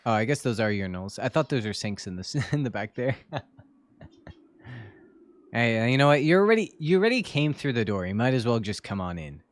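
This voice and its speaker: A man's voice: mid-range voice, sing-song, fairly quick. A young man streaming a game, chatting casually with viewers in a joking, self-mocking way. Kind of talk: casual live-stream chat while gaming.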